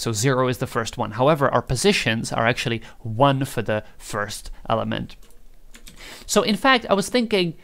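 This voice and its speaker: A man with a middle-pitched voice, loosely talking his way through a screen-recorded tutorial. He thinks aloud as he goes, joking and swearing casually, with a relaxed, unscripted manner. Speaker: programming tutor.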